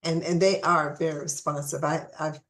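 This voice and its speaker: A woman's voice: deep voice, little pitch movement, normal speed, a bit bright. A woman hosting a casual conversational interview, chatty and restarting her phrases, with the hiccups. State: has the hiccups.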